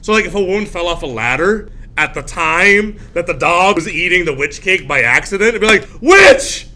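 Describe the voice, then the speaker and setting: A male teacher giving a classroom lecture, animated, often jumping into high shrill voices to act out scenes. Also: a little fast, a little hiss or hum. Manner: animated, acts out shrill voices of frightened girls.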